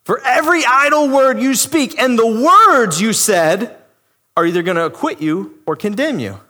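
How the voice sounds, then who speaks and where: A man's voice: very high-pitched, expressive, normal speed, bright, forceful tone. A man preaching a sermon in a conversational, emphatic way, acting out the voices he quotes. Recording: long hall reverb.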